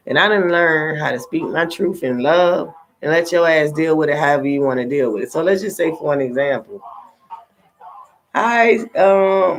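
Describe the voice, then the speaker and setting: A woman's voice: sits low, slight background noise. A middle-aged woman and tarot reader, talking in a casual livestream, blunt and profane as she preaches her advice.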